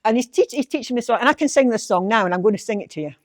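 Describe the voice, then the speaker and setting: A woman's voice: a little high, lively intonation, racing, no room sound. An older woman from North-East Scotland with a lilting Doric accent, reciting a dialect poem and then telling family stories in a chatty, laughing way. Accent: Scottish, North-East Doric. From Ballater, Aberdeenshire, Scotland. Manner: lilting, chatty, laughs often, restarts sentences. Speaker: storyteller sharing family memories. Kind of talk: poem recital and reminiscing talk.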